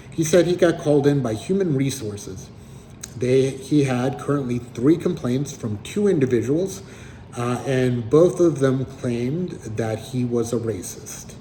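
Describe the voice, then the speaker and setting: A man recounts a story in a relaxed, conversational way, with a dry, slightly wry edge. His voice sits at a middle pitch with a warm, mellow tone. A faint hum of noise runs behind him. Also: poor audio. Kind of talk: casual spoken storytelling.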